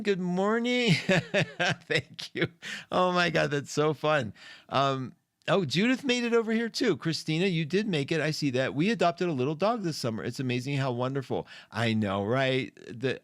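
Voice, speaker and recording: A middle-aged man talks straight into a studio mic in a dry, close sound, hosting a live stream. He is chatty and effusive and greets viewers by name. His voice sits at a middle pitch and swings up when he gets excited. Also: dry recording. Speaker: astrology show host. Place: indoor room.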